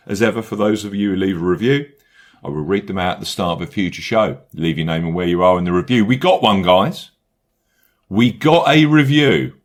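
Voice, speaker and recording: A man hosting a golf betting podcast, who reads the promos briskly and upbeat and then loosens into laughing banter with his co-hosts. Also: on the low side. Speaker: podcast host.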